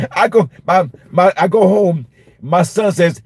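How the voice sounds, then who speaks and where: Husky man preaching with dry close sound. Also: sits high, expressive, takes it slowly, no echo. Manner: emphatic, repeats phrases, acts out shouting at a class. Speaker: minister. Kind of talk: informal Bible study teaching.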